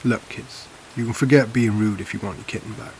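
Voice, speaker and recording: A man's voice: on the low side, steady tone, fairly quick, a little hiss or hum, natural voice. A man playing a wary, suspicious homeowner. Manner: firm, suspicious, stalling. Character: wary adult man facing strangers at night.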